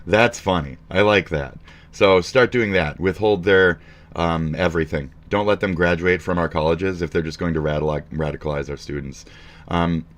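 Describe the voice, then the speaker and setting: A man's voice: low-pitched, normal speed. A man streaming commentary, ranting crudely and mockingly with lots of swearing. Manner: crude, profane, mocking, animated. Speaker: streamer reacting to posts.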